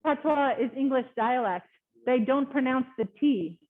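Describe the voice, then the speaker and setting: Woman, chatty webinar speaker, laughs often, somewhat high voice, tinny phone-like call audio. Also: moderate pace. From Canada. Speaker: guest speaker. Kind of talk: casual webinar talk. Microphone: video call.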